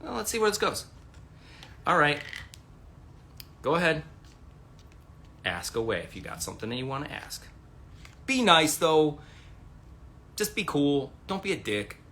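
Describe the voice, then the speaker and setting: Male livestream host, casual rambling storyteller, swears freely, animated delivery, bright tone. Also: on the high side, measured pace, pauses often, slight background noise. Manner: rambling, profane, lots of fillers and quoted dialogue.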